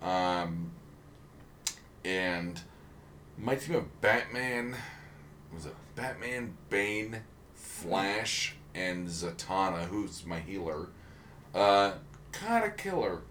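A man's voice: low voice, animated, drawn-out words, pauses often, a bit bright, a little hiss or hum. A man co-hosting a casual podcast chat, rambling with many ums and restarts. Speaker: podcast co-host.

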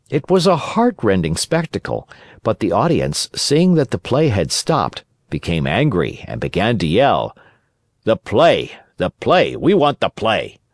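A man's voice: fairly low pitch, no echo. A male narrator reads a children's classic aloud, his voice rising and falling with plenty of life. The recording is close and dry, with no room sound. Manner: expressive storytelling. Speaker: audiobook narrator. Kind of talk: scripted narration.

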